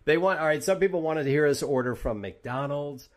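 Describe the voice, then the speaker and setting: A man's voice: on the high side, brisk. Chatty man hosting an interview. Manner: chatty, jokey, reads out viewer questions. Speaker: podcast host. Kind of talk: casual interview chat.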